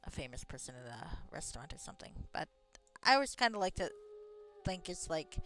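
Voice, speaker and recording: A woman's voice: sits low, sing-song, brisk, fairly bright tone, faint music behind. A woman streamer chatting casually while playing a game. She rambles, swears freely and laughs often. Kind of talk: casual gameplay chat.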